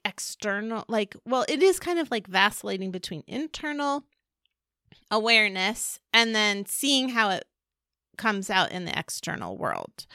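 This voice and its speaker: A woman's voice: a little high, bright, forceful tone, no echo, clean studio sound. A middle-aged woman co-hosting a podcast in casual chat, chatty and playful, laughing often. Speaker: podcast co-host and energy reader.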